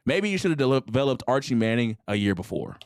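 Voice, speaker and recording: Animated man ranting about sports. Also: mid-range voice, quick pace. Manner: animated ranting, mock-quoting others. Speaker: podcast co-host. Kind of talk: heated casual sports talk.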